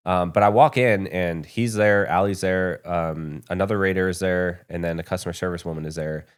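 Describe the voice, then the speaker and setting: Very deep-voiced man telling a story. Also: fairly even intonation, a little fast, clean tone. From United States. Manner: candid, profane, rambling with fillers. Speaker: podcast guest, business founder. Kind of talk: casual storytelling interview. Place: podcast studio.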